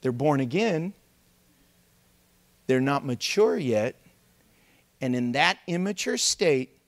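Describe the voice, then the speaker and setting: A man's voice: medium pitch, lively intonation, slow pace, pauses often. A male pastor preaching a sermon, joking and acting out voices of babies and critics as he goes.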